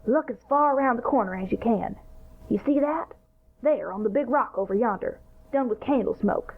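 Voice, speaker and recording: A woman voicing an eager, bossy boy ringleader in a radio-style drama, talking in an excited, boastful way. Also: a little high, moderate pace. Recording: tinny phone-like sound.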